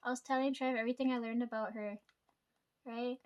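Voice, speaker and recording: Woman vlogger with a high voice, rambling storyteller, swears a lot, leans on "like" and "right?". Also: fairly even intonation, fairly quick, a little mellow, muffled recording. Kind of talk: casual storytime chat.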